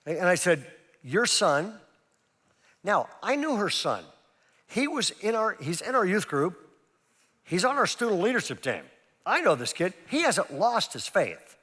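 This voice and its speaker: Animated preacher man in a reverberant hall. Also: sits high, measured pace, long pauses, husky. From California. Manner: storytelling, animated, jokey asides to the audience. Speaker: pastor. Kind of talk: sermon at a parenting seminar. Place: large church auditorium. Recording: long reverb of a large church hall.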